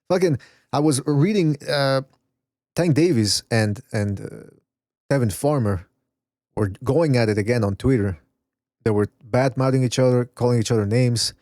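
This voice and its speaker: A man hosts a casual boxing podcast in the style of a live-stream chat, rambling, swearing, and reading chat messages out loud. His voice is mid-range and a little mellow, captured in a dry, clean studio recording.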